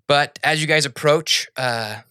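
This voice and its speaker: A man's voice: on the high side, a little slow, sharp tone, smooth, dry recording. A man narrating a tabletop game as game master, often correcting himself as he goes. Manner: rambling, self-correcting narration.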